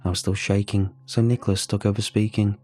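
A man narrating a first-person horror story, with steady, measured storytelling. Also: on the low side. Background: faint music.

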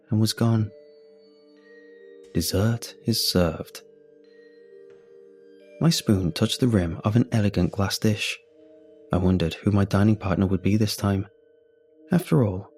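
Guy reading a first person story, low gravelly voice, soft music behind. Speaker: narrator.

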